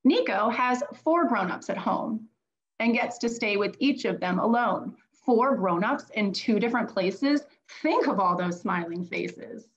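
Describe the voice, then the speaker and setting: A former teacher turned children's author reads from her picture book with a teacher's read-aloud manner. Her voice is slightly high and expressive, her pace unhurried, and the recording sounds dull and lo-fi.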